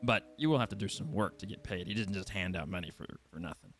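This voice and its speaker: Brief: man as smug gnome fixer, hushed low delivery, tabletop game. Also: lively intonation, fast talker, no room sound, soft background music. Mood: secretive. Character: sly confident gnome fixer, male.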